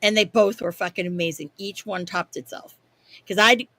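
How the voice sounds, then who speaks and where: A woman co-hosting a wrestling podcast, chatting casually with lots of swearing and rambling, animated stories. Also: mid-range voice, normal speed. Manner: profane, rambling, animated storytelling. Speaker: podcast co-host.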